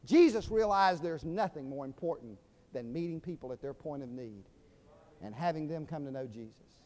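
High-voiced Southern preacher in a reverberant hall. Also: male voice, expressive, normal speed, darkish tone. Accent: Southern US (Georgia). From Georgia, USA. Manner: folksy storytelling with humor, building to emphatic preaching. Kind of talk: sermon. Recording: long reverb of a large hall.

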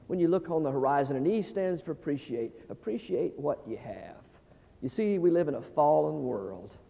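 A middle-aged man preaching a humorous storytelling sermon, animated, with stammering restarts and phrases repeated for effect. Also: on the high side, normal speed, vocal fry. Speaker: pastor. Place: large church sanctuary. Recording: dull, reverberant church hall recording.

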